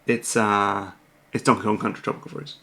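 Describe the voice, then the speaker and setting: A man's voice: on the low side, little pitch movement, a little fast, sharp tone. A British man hosting a casual livestream, rambling through viewer questions with lots of fillers, restarts and self-deprecating asides from a room at home at night. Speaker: host.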